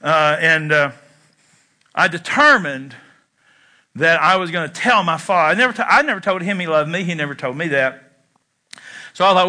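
Bright-voiced preacher with easy humor. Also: male voice, on the high side, lively intonation, moderate pace, pauses often. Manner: conversational preaching with self-deprecating humor. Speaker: pastor. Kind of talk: sermon.

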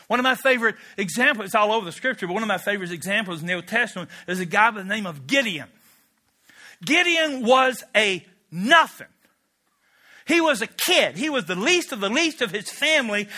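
A male pastor delivers a sermon in a strikingly high, sharp, bright voice. He is emphatic and storytelling, and he drops in casual asides. He leans on key words for emphasis.

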